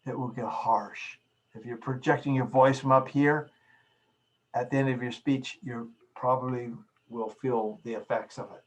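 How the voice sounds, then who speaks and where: A man's voice: medium pitch, steady tone, unhurried, highs cut off. Man teaching public speaking technique. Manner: instructive, demonstrates vocal techniques.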